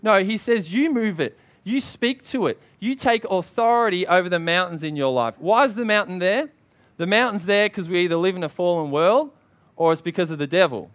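A man's voice: sits high, expressive, brisk, a bit bright. A man preaching a sermon, emphatic and punchy, often calling out to the congregation for a response.

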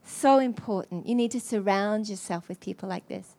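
A woman preacher telling a story in an earnest, halting way, with many restarts. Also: medium pitch, darkish tone. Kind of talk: sermon storytelling.

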